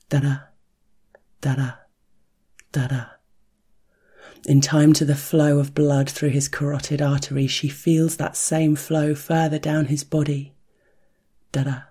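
A storyteller giving an intimate audio story narration in a soft, hushed voice that slips into whispers, softly chanting a rhythmic heartbeat sound. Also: medium pitch, husky.

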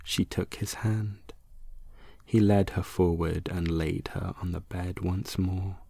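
A man reads a dark erotic story in a deep, gravelly, unhurried voice that slips into hushed near-whispers. The close mic gives a dry, dead sound with a husky edge. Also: fairly even intonation, no room sound. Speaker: narrator. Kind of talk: erotic horror audiobook narration.

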